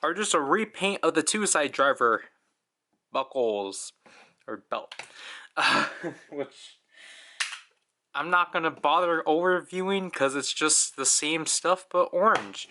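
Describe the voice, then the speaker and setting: Bright-voiced young man reviewing toys. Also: on the high side, expressive, slow. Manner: chatty, frequent fillers and small laughs. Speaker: toy reviewer. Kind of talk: casual toy review.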